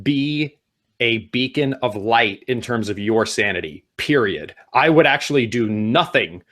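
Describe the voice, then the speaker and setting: A middle-aged man co-hosting a talk show, giving casual advice and speeding up as he gets excited. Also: medium pitch, measured pace. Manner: animated, speeds up when excited. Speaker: podcast co-host.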